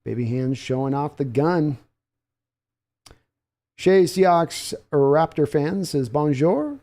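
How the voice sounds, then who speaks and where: A man's voice: a little high, expressive, slow pace, long pauses, mellow. A man hosting a live sports podcast, calling play-by-play in a chatty manner and answering viewer comments. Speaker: podcast host.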